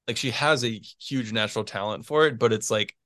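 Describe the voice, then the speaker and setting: In clean studio audio with no room sound, a twenty-something man speaks in a mid-range, slightly bright voice at a fairly quick pace. He's a physics PhD student being interviewed casually, rambling, chuckling between phrases, and leaning on lots of fillers.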